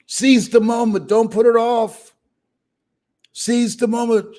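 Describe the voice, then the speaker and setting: An older man delivers a live motivational speech in a preacher-like, emphatic style, repeating phrases and breaking into hearty laughs. His voice is very high yet warm, slow and level in tone.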